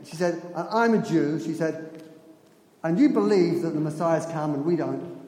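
A man preaching a sermon, telling stories in an animated way and laughing at his own asides. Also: a little high, normal speed. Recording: echoey hall with long reverb.

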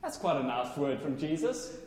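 A man preaching a sermon with loud, passionate, exclaiming delivery. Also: on the high side, sing-song, moderate pace. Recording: echoey hall, faint ambience.

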